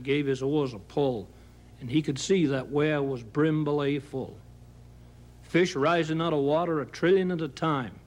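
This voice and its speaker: Maine storyteller, man, slightly high voice, folksy drawl, reciting comic verse. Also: darkish tone. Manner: folksy down-east drawl, acts out characters. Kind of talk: reciting a humorous narrative poem. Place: home kitchen.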